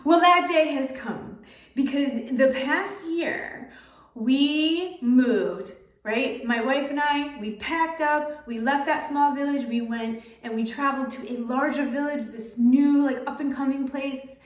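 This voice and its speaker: Casual female life coach with a slightly high voice, recorded from a distance in a roomy space. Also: slow. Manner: casual, keeps asking "right?". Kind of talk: storytelling and coaching talk. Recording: roomy echo, distant mic.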